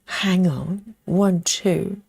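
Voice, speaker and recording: A woman's voice: on the low side, drawn-out words, vocal fry, darkish tone, slightly rough, dry recording. A woman hosting a cross-stitch livestream, chatting casually, reading viewer comments and counting stitches, with lots of fillers. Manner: many fillers and self-interruptions. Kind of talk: casual chat while stitching live.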